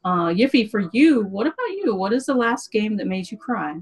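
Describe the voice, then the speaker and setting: A woman's voice: mid-range voice, big pitch swings, normal speed, slightly rough, rough recording. Earnest woman hosting a gaming livestream. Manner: earnest and rallying, casual swearing. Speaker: host. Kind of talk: livestream panel chat.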